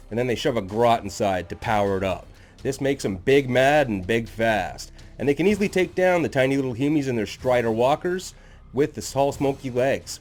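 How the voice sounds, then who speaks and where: A man's voice: medium pitch, a little mellow. Sardonic man narrating comedic lore. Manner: sardonic, jokey, self-deprecating. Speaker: lore channel host.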